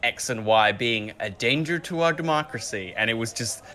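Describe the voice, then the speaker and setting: Bright-voiced man rambling through a story. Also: medium pitch, moderate pace. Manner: rambling, self-correcting storyteller. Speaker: tabletop game player. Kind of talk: casual banter during a break.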